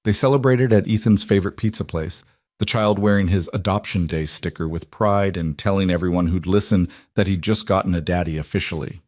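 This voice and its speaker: Low-voiced male narrator, measured scripted reading, dry studio sound. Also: darkish tone, no room sound.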